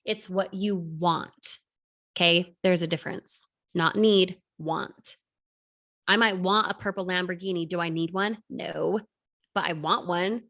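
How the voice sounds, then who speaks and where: Bright-voiced energetic woman coach. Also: lowish voice, a little slow. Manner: energetic, asks the audience rhetorical questions. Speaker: online business coach. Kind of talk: motivational class talk.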